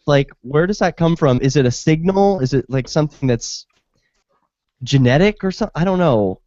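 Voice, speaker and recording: A man's voice: on the high side, animated, moderate pace, a little mellow, dry recording. Chatty male talk-show host, dull sound. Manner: chatty, asks probing questions, reads listener chat. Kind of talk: casual talk-show hosting.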